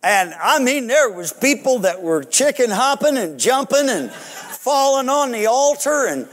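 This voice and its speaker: A pastor telling a story in a sermon, animated, often chuckling. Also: male voice, very high-pitched, a little slow. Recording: long hall reverb.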